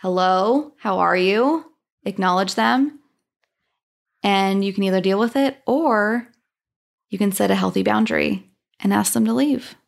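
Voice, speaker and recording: A woman's voice: mid-range voice, normal speed, creaky, long pauses. A woman co-hosting a podcast, talking casually and coaching listeners through examples. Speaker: podcast co-host. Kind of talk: casual self-help chat.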